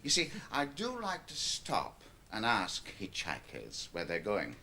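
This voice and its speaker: A cynical, middle-aged stand-up comic in a radio play. His voice is bright and forward, and it jumps wildly through its pitch range. He talks in a chatty, lecturing way. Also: wildly swooping pitch, a little slow, creaky, a little hiss or hum, full character voice. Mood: stand-up patter. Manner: chatty, lecturing, shifts into a club comedy routine. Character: aging male stand-up comic, cynical and wheedling. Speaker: comedian.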